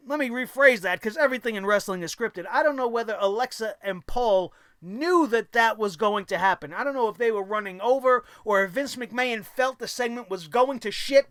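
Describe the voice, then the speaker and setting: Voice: medium pitch, a bit bright, dry recording, clean studio sound. A vlogger ranting about a wrestling show in a profane, sarcastic, exasperated way.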